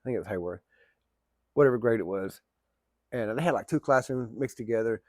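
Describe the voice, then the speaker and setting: A man's voice: medium pitch, a little fast, a little mellow, no echo. Man, middle-aged, folksy, rambling storyteller, colloquial, dry close recording. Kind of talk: casual spoken storytelling.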